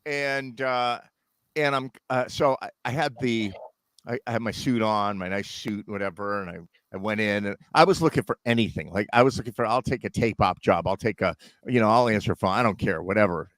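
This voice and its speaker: Animated storytelling man, dry sound. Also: on the low side, a little fast, no echo. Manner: animated storyteller, acts out others' voices. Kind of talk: casual storytelling chat.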